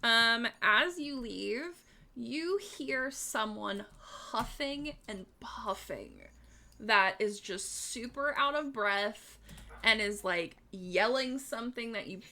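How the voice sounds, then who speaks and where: A woman's voice: fairly high pitch, slow pace, sharp tone. A woman running a tabletop game as game master, narrating in a playful, giggly manner.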